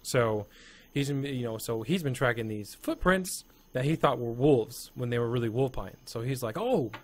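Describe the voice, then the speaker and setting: A man describing his character at a tabletop game, speaking quietly and haltingly with plenty of pauses. His voice sits at an average pitch. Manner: hesitant, many fillers and restarts, softly spoken. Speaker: player. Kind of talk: casual tabletop game play.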